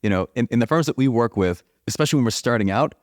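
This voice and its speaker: A man hosting an interview podcast, talking enthusiastically with quick restarts. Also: medium pitch, lively intonation, no echo, clean studio sound. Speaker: podcast host. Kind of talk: interview conversation.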